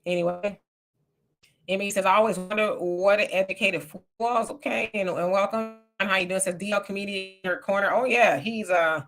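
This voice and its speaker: Sassy chatty woman, bright voice. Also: medium pitch, steady tone, normal speed, faint music behind. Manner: chatty, reads comments aloud, sassy asides. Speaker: livestream co-host reading viewer comments. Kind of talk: casual livestream chat.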